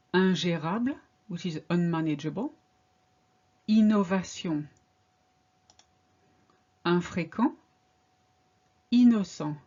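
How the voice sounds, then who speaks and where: A woman talks through a pronunciation lesson at an unhurried, careful pace, setting out each example word on its own. Her voice sits a little low and comes through a slightly dull, lo-fi recording. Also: mellow, slightly rough. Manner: slow, deliberate word-by-word drilling. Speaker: French teacher.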